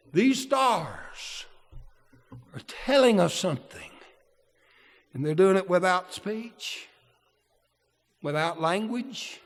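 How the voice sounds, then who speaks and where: Male preacher, folksy sermon delivery, church hall with a long echo. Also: a little high. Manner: folksy, asks the congregation questions.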